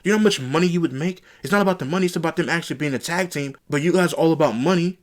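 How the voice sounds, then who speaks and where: A man's voice: fairly high pitch, very fast. A man reviewing a wrestling show on his own channel, ranting in an exasperated way and repeating rhetorical questions. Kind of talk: opinionated solo review rant.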